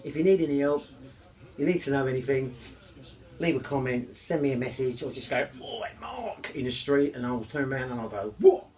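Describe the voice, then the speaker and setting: A man's voice: mid-range voice, steady tone, fairly quick, darkish tone. A man, chatting casually in a home cooking vlog, cheerful and rambling, joking about himself. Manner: cheerful, rambling, self-mocking.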